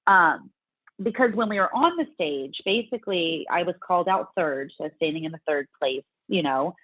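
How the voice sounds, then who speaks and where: Woman guest, lowish voice, animated storyteller with restarts, dry tinny call audio. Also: normal speed, no echo. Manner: animated, many restarts and fillers. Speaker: guest, bodybuilding competitor. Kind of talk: casual interview storytelling.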